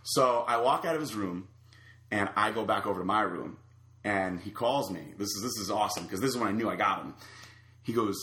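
In an echoey room, a man with a lowish voice talks fairly fast as a guest telling a long, casual story. He brings it to life by performing everyone else's dialogue.

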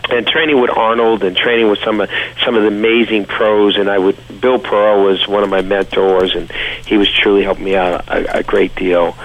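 A man's voice: on the low side, little pitch movement, normal speed, lo-fi sound. A man with a New York accent, a guest telling stories in a casual interview. He rambles with fillers and restarts.

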